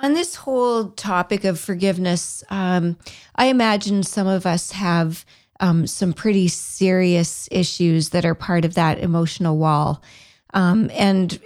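Low-voiced hesitant woman co-host. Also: a little mellow. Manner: hesitant, many ums, careful questioning. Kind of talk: casual chat.

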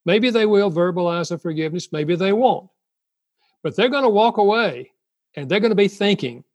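An older man talks through relationship advice with earnest conviction. His voice sits a touch high for a man, and he slips into acted-out apologies and chuckles between points. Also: big pitch swings, moderate pace, a little mellow. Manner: earnest, laughs often, acts out spoken apologies. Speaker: marriage counselor guest. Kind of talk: conversational advice talk.

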